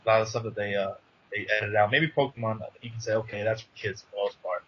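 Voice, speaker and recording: A man's voice: lowish voice, steady tone, quick pace, a little hiss or hum. Frank man in a casual chat. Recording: dull lo-fi recording.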